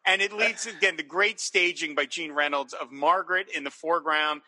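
A man co-hosting a casual podcast chat about a TV episode, animated and acting out characters' lines as he talks. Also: a little high, brisk. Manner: animated, acts out quoted lines. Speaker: podcast co-host.

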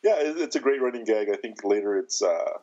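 A man in his fifties co-hosting a podcast, talking in a thoughtful, halting way with many restarts. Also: fairly low pitch, expressive, a little mellow, muffled recording. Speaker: podcast co-host. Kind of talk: casual chat.

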